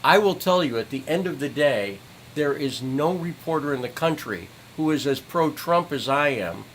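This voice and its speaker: A man's voice: a little high, lively intonation, moderate pace, fairly bright tone, a little hiss or hum, low-quality recording. A middle-aged man livestreaming an angry, profane rant, repeating phrases for emphasis. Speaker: citizen journalist streamer.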